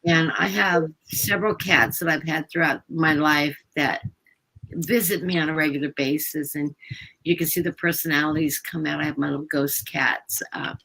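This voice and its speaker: A woman's voice: sits low, steady tone, normal speed, pushed and bright, slightly rough, poor audio. An American woman joining a live stream as a guest tarot reader, chatty and upbeat, laughing easily.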